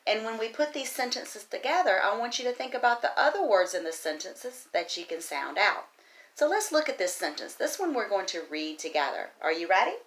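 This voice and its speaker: A woman teaching a virtual kindergarten phonics lesson, speaking slowly and encouragingly and sounding out words letter by letter. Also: mid-range voice, sing-song, a bit bright. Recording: roomy echo.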